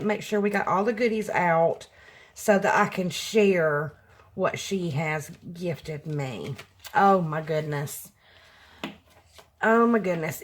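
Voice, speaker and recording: A middle-aged woman talks unhurriedly through a casual unboxing at her craft table. She gushes over each piece, and her voice keeps leaping up high in excitement. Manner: gushing, voice jumps up when excited. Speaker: craft vlogger.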